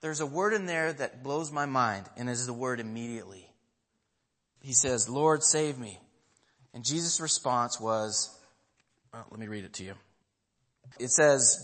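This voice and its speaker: Animated preacher in a big echoing hall. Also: male voice, medium pitch, measured pace. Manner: animated storytelling, acting out quotes, asking the audience questions. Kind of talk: sermon. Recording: long hall reverb.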